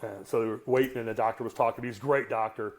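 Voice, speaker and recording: A man's voice: mid-range voice, level tone, fast. Blunt, profane man in his 60s. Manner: earthy, self-mocking humor. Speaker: strength coach, podcast guest. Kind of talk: candid conversational storytelling.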